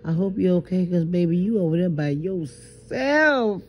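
A woman's voice: fairly low pitch, expressive, normal speed, a little mellow. Rambling woman vlogging from bed. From Southern US, New Orleans. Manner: rambling, stammering, emphatic, swears freely. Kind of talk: late-night confessional vlog. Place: in bed at night. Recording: muffled lo-fi phone audio.

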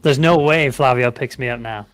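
A man's voice: medium pitch, normal speed, smooth, dry recording, faint music behind. A British man co-hosting a live gameplay stream, chatting, joking and repeating giveaway instructions. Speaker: streamer co-host.

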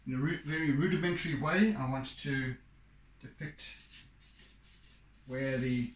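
A man talks himself through a drawing at an unhurried pace, musing and pausing with fillers as he works. His voice sits in the middle of the male range. The sound is roomy, with clear echo from the space around him. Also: medium pitch. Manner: musing, halting, with many fillers. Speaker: art teacher. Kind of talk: thinking aloud while drawing.

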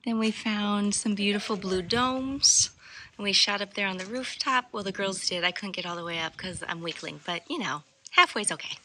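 A woman's voice: mid-range voice, moderate pace, sharp tone. A young woman, chatting casually as a travel vlogger, bubbly and full of "like". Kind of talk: casual vlog narration. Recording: outdoor vlog with clear background noise.

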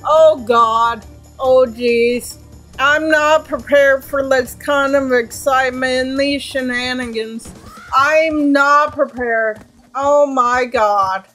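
A woman's voice: high voice, a bit bright. A young woman commentating her gameplay in a casual, anxious way, exclaiming and repeating herself often. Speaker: let's play gamer.

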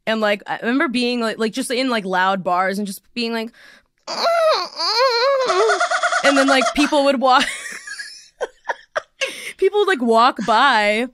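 A woman's voice: sits high, slow pace, pauses often. A woman in her twenties hosting a podcast, chatting casually and telling stories with lots of giggles. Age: 20s. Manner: giggly, animated storytelling with silly voices. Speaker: podcast host. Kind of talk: casual chat.

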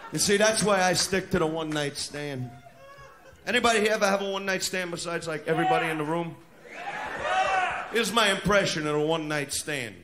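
A man doing a crude stand-up routine in a brash manner, shouting his punchlines. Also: on the high side, a little fast. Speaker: stand-up comedian. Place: comedy club stage. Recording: live club recording with crowd noise. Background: audience laughter and noise.

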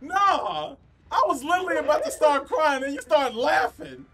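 A man co-hosting a let's play, talking loudly and dramatically and shouting at the game. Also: extremely high pitch, animated, moderate pace, gravelly, a crowd in the background. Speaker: gaming channel co-host.

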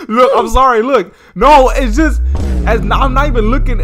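A gamer giving loud let's play commentary, exclaiming, swearing and laughing often, with faint game music behind. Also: mid-range voice, very animated, moderate pace, a crowd in the background.

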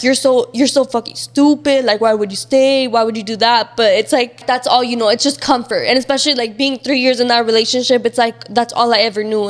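A young woman talks openly and casually as an interview guest. Her voice sits a bit high. She often leans on fillers and sometimes sounds close to tears. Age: young adult. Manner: casual and open, many fillers, near tears at times. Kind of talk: candid interview conversation.

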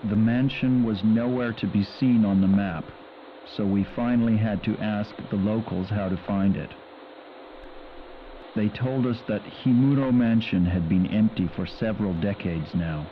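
A man plays a male investigator narrating his diary in a low, toneless drone, each entry read with no emotion at all. The game audio comes through muffled, with a faint hiss underneath. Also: moderate pace, lightly acted. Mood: flat. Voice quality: flat, emotionless delivery. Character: male investigator, flat and sleepy-sounding diarist. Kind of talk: dubbed video game voice acting.

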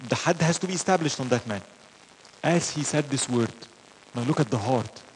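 A man's voice: medium pitch, normal speed, a little hiss or hum. A man teaching an Islamic lecture, telling stories with rhetorical questions and Arabic phrases mixed in. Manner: animated storytelling with rhetorical questions. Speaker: religious teacher.

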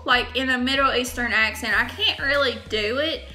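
A woman's voice: a little high, normal speed, sharp tone, faint music behind. A young woman chatting casually to her viewers, emphatic and repeating words for stress. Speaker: vlogger. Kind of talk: casual chat to camera.

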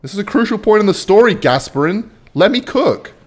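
A man's voice: high voice, sing-song, brisk, darkish tone. A young man giving casual, rambling commentary over a mobile strategy game while telling a story about his neighbor. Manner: chatty, rambling, switches between game calls and anecdote. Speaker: gaming video creator.

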